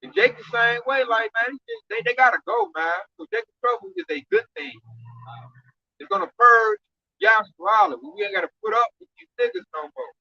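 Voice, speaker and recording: High-voiced scolding man. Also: brisk, gravelly, dry recording. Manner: animated, slangy, scolding. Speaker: speaker at a camp teaching. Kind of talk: informal preaching. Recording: dull dry recording.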